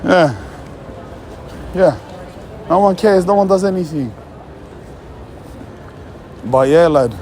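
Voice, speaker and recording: Heated Australian man, high-pitched. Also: expressive, slow pace, long pauses, a little mellow. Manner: blunt, heated, mocking, swears often. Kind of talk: casual rant.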